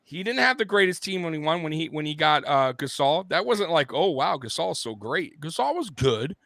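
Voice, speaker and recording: A man's voice: a little high, fairly quick, no room sound. Profane, fired-up male sports host. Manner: blunt, profane, animated fan rant. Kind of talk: casual sports rant.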